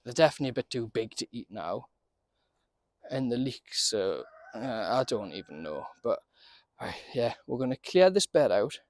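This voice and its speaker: A man's voice: mid-range voice, sing-song, normal speed, darkish tone, no room sound. A man giving a casual, chatty running commentary while he works on his allotment garden outdoors, often laughing and talking to himself.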